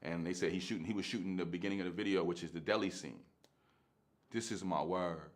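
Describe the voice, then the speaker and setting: A man's voice: low voice, fairly even intonation, quick pace. A man, telling a story in casual, slangy street talk and laughing often.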